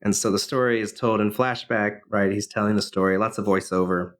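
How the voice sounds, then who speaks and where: A man's voice: on the low side, steady tone, fairly quick. Rambling man co-hosting a podcast. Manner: rambling, many fillers and restarts. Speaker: podcast co-host. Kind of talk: casual chat, retelling a film plot.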